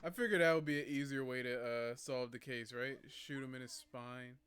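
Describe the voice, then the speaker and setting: A man's voice: mid-range voice, moderate pace, fairly bright tone, slight background noise. A man streaming a video game and chatting casually, joking and laughing often. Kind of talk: casual livestream commentary.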